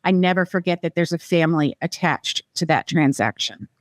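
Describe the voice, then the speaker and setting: A middle-aged woman from the American Midwest, talking as a real estate guest on a podcast, chatty and quick to laugh. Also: on the low side, lively intonation, no echo. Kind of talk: casual podcast chat.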